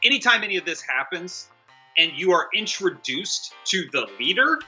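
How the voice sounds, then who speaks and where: A man co-hosting a casual comedic movie review, animated and jokey, swearing freely and acting out the characters. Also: high voice, moderate pace, dull audio, soft background music. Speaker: film review podcast co-host.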